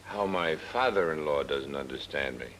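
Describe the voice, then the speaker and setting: A drunk, sardonic prosecutor. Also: male voice, rumbling low, normal speed, a bit bright, slight background noise, rough recording. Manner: sarcastic, wry. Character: weary married male prosecutor, sardonic flirt. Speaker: assistant district attorney. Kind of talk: 1940s film acting.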